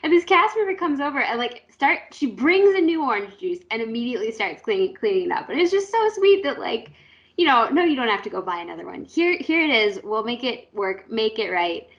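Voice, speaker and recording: A woman guest in a casual chat, excitedly reminiscing and laughing often. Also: fairly high pitch, brisk. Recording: dull lo-fi sound.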